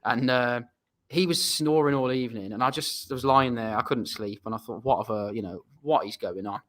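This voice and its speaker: A man's voice: mid-range voice, moderate pace, a bit bright. A young English man, a footballer guest, telling a long rambling anecdote in a casual, self-deprecating way. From England. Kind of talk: casual storytelling.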